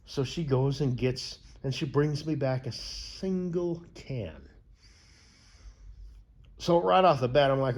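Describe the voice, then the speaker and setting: A young man from the US rambles through a casual story, swearing freely and circling back on himself. His voice is husky and a little rough, pitched in an ordinary middle range. He keeps stalling and restarting mid-sentence. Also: slow, pauses often, darkish tone. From United States. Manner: profane, digressive, many fillers and restarts.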